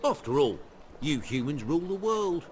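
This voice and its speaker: A rueful shapeshifter fallen on hard times, dry, self-mocking, lively lines in a game. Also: male voice, fairly high pitch, normal speed, a little hiss or hum. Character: weary middle-aged male shapeshifter posing as a ruined merchant. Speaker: game character. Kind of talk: video game voice acting.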